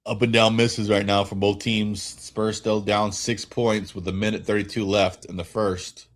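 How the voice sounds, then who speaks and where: Tired low-voiced guy doing loose fan play-by-play, rambly, restarts a lot. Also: moderate pace. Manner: relaxed, rambling calls with frequent self-corrections. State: tired, yawning. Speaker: streamer hosting a watch-along. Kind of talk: casual fan play-by-play commentary.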